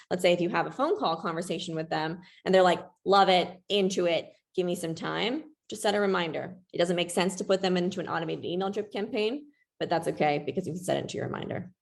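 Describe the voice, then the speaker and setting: A woman leads an online webinar in an easy, conversational manner, peppering her talk with "like." Her voice sits low and carries a gravelly fry. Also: quick pace, hardly any pauses. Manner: chatty, frequent "like", upbeat. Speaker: webinar presenter. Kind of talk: casual webinar presentation.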